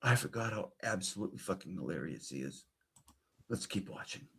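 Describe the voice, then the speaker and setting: A man with a low but bright, forceful voice riffs through a comedic reaction commentary. He is sarcastic and mock-pleading and swears freely as he cuts in on a clip. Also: expressive, a little fast, slightly rough.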